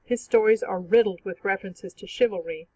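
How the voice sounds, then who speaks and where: A teacher giving a clear, measured, scripted narration for an online literature lesson. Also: medium pitch, a little mellow, dull audio. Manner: clear, measured explanatory reading.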